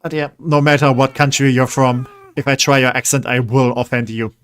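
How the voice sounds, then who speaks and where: A man's voice: mid-range voice, little pitch movement, brisk, a bit bright, clear, resonant tone. A man casually chatting while streaming a building game, rambling and coaxing his in-game pets along. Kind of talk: casual gameplay commentary.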